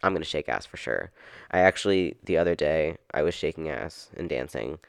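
Young man, very low voice, gravelly, dry close sound, casual rambling podcast talk with swearing. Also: animated, dry recording. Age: young adult. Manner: rambling, swearing, quickly exasperated. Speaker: podcast host. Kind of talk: casual solo podcast chat. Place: at home on a couch. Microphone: podcast microphone.

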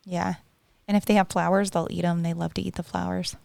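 A woman's voice: lowish voice, a little fast, creaky, dry recording. A woman co-hosting a casual chat, telling stories animatedly and acting out what others said. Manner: chatty, animated storyteller who acts out quotes.

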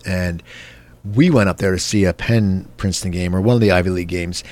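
A man from New Jersey hosting a casual interview, telling rambling, animated stories. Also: deep voice. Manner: fast, rambling, animated storytelling. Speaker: podcast host.

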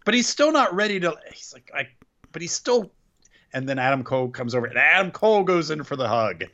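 A man co-hosts a wrestling podcast and talks through a match with excitable energy. His pitch swings widely as he gets worked up. The recording is muffled and lo-fi. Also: brisk. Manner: excitable, animated recapping of a match. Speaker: podcast co-host. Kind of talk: casual wrestling podcast chat. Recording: dull lo-fi sound.

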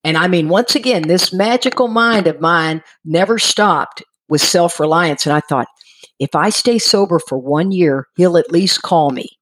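A middle-aged woman casually telling a personal recovery story, animated and acting out what people said, laughing now and then. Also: fairly low pitch, moderate pace. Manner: animated, acts out quoted voices, laughs while telling.

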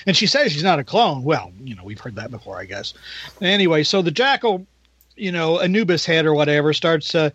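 High-voiced rambling male podcaster. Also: animated, brisk, fairly bright tone, no room sound, muffled recording. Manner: rambling, laughing, acts out quotes. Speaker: podcast co-host. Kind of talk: casual comic review chat.

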